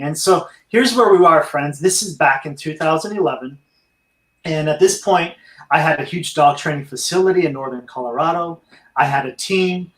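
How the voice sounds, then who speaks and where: A man's voice: a little high, fairly bright tone, reverberant, rough recording. A middle-aged man, a veteran and dog trainer, telling his life story in an interview and speaking earnestly to listeners. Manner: earnest, addresses listeners as friends.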